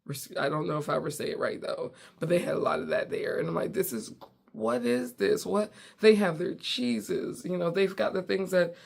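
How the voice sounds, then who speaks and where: A woman's voice: lowish voice, brisk, gravelly, hardly any pauses, slightly rough. A woman from the United States, a comedian and podcast host, telling a story in a casual, playful way and acting out the dialogue. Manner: animated, playful, acts out dialogue.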